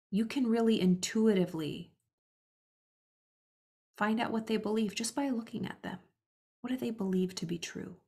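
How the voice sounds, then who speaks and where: A woman reads aloud from a spiritual book and pauses to comment in reflective asides to her listeners. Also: medium pitch. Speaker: spiritual book reader and teacher.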